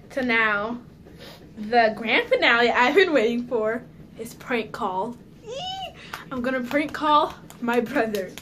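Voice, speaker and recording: A woman's voice: on the high side, background noise. A woman chatting casually in a home vlog, giggly and nervous, talking straight to her viewers. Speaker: vlogger. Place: at home indoors.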